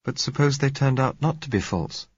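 A soft, earnest young blind woman of eighteen speaks haltingly, as a male narrator puts her on, lifted well above his natural register. Her voice comes through a husky, dull lo-fi recording. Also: mid-range voice, expressive, no room sound, pitched above the performer's own voice. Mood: pleading.

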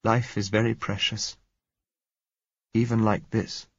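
A man's voice: on the low side, flat delivery, slow pace, slightly rough, no room sound, pitched above the performer's own voice, exaggerated voice. A man voicing an earnest, faltering eighteen-year-old blind young woman in a story reading. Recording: dull lo-fi recording.

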